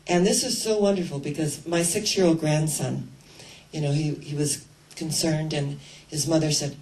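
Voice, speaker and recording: An older woman preaching a sermon, telling stories expressively and leading listeners in deep breaths. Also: normal speed, low-quality recording. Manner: storytelling, expressive, leads congregation in breathing. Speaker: minister.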